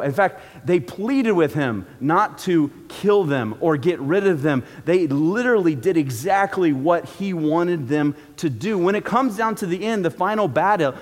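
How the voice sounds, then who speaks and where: High-voiced preacher in a reverberant hall. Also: male voice. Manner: conversational, joking preaching. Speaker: pastor. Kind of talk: sermon. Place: church auditorium. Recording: long reverb from a large hall.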